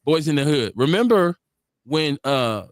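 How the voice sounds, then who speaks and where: A man's voice: fairly high pitch, a little slow, no room sound, clean studio sound. A man co-hosting a live talk stream, arguing his point hard and acting out quotes as he goes. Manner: animated, argumentative, acts out quotes. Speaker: podcast co-host. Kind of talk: heated casual debate. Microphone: remote stream.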